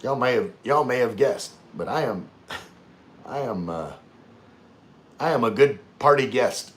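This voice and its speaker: A man's voice: medium pitch, expressive, a little slow, fairly bright tone, a little hiss or hum. A man hosting a casual livestream, reading viewer comments aloud and chatting in a rambling way, often losing his train of thought.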